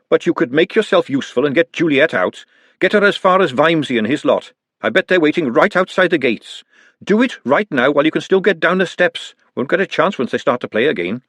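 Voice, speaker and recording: A man voicing a practical young woman who gives brisk, commanding orders, in an audiobook reading. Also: a little high, fairly bright tone, no room sound, voice pushed up.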